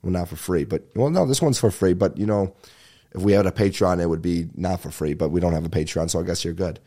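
Fast-talking, rambling male podcast host. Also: deep voice, warm tone. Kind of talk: casual solo podcast chat.

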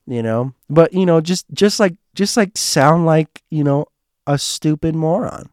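A man with a hoarse, strained throat telling a personal story in a casual monologue, rambling and restarting, heartfelt with bits of joking. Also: a little high, a little slow, darkish tone, no room sound, clean studio sound.

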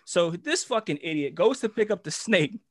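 With an animated voice that sits high, this young man from New York speaks at normal speed in his New York accent, acting out voices as the guest storyteller in a slangy, profane prank tale. The studio sound is clean, with no room sound.

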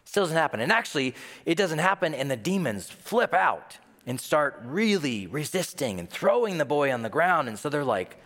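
A male pastor preaching with a lively, swinging delivery, telling stories and slipping into the voices of the people he quotes. His voice sits at a medium pitch. A long reverb trails off in a large hall. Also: normal speed. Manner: animated storytelling, acting out quoted voices. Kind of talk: sermon.

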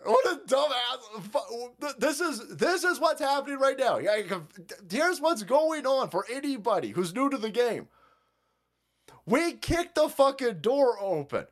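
A livestream host ranting about politics, reading out viewer comments and mocking them with heavy profanity. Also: medium pitch. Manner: reads and mocks viewer comments.

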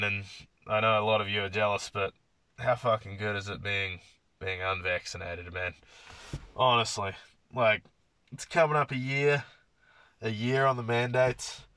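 Profane, forceful man, dry sound. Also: fairly low pitch, no echo. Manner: profane, rambling storyteller. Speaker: podcast host. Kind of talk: casual monologue.

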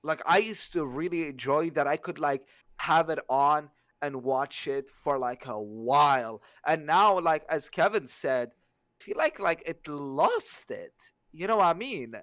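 A man's voice: on the high side, animated, unhurried, fairly bright tone, no room sound. A young man co-hosting a podcast, rambling hesitantly with lots of filler words in casual chat. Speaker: podcast co-host.

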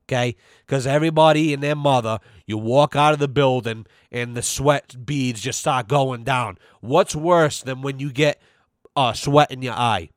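A man's voice: medium pitch, no echo. Profane ranting podcast man, dry sound. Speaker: podcast host. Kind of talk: casual rant.

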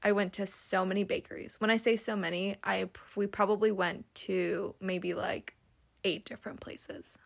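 A woman's voice: medium pitch, normal speed, vocal fry, hardly any pauses. A young American woman co-hosting a casual podcast, telling a story with lots of laughter and acted-out quotes. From United States. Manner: animated storyteller, laughs often, acts out quoted lines. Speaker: podcast co-host. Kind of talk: casual chat.

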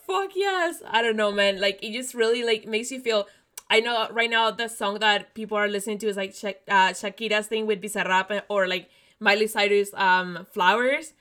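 A young woman hosting a podcast in casual chat, excitable, swearing freely and saying "like" all the time. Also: medium pitch, moderate pace. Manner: excitable, swears a lot, says "like" constantly. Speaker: podcast host.

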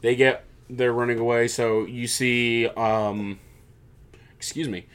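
Man, casual co-host chat, rambling, animated, lots of fillers, mid pitch. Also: takes it slowly, smooth. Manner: rambling, animated recapping with frequent fillers and restarts. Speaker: podcast co-host.

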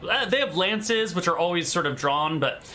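A man's voice: high voice, expressive, normal speed, bright, forceful tone, a little hiss or hum. A man narrating a tabletop game as game master, describing scenes while thinking aloud.

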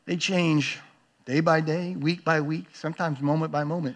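A male pastor delivers a sermon in a high voice. He speaks earnestly and with emphasis, repeating words and phrases to drive his points home. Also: fairly even intonation, normal speed.

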